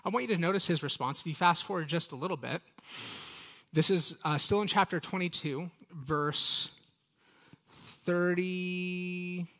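A man leading a relaxed Bible study, chatty and conversational as he talks straight to his listeners. His voice sits a little high and sounds bright and clear. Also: unhurried, pauses often. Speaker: Bible teacher. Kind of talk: casual Bible study teaching.

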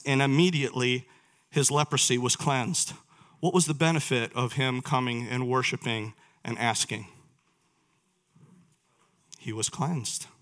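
A man's voice: on the high side, a bit bright. A man preaching a sermon, reading scripture aloud and putting questions to his listeners. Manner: reads verses aloud, asks the listeners questions.

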